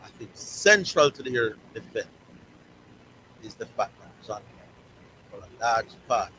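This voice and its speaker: Jamaican man, sports talk host, bright forceful tone, hammers his points home with repetition. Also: on the low side, expressive, unhurried, slight background noise, low-quality recording. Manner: emphatic, repeats words and phrases for stress.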